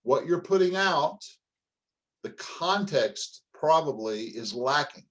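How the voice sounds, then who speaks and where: A middle-aged man giving a motivational coaching talk on leadership, emphatic and direct, firing off rhetorical questions and calling his listeners folks. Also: medium pitch.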